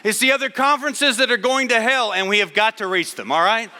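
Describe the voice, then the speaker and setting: Man, chapel preacher, humorous, conversational, smooth resonant voice, long hall echo. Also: high voice, a little fast, bright, forceful tone. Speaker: chapel speaker. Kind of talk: storytelling sermon.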